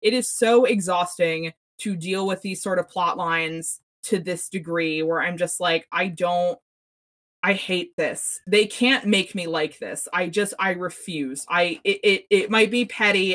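Woman, lowish voice, podcast co-host, casual recap chat, profane, exasperated, frequent restarts. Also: moderate pace, fairly bright tone.

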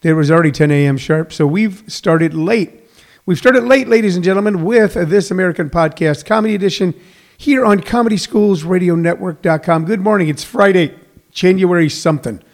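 A man's voice: high-pitched, fairly quick, a little mellow. A middle-aged man hosting a comedy podcast in a rambling, self-correcting way, full of fillers. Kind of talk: casual solo radio-style show.

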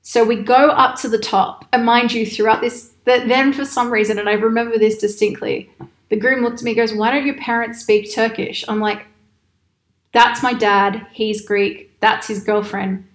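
Woman, casual storyteller, lively quoted voices, slightly high pitch, roomy echo. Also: moderate pace. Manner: animated, quotes people in raised voices, laughs often. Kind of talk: casual anecdote telling. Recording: echoey room.

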